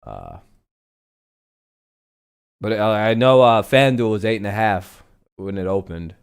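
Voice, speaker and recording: Male streamer host, smooth clear voice, loose chatty banter with viewers. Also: on the low side, very animated, a little slow. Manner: chatty, reads viewer names, swears freely. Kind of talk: casual live-stream chat over a game.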